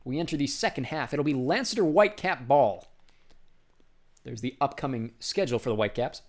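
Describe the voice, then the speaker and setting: A man with a mid-range voice calls basketball play-by-play, briskly tracking each pass and raising his voice on the big shots.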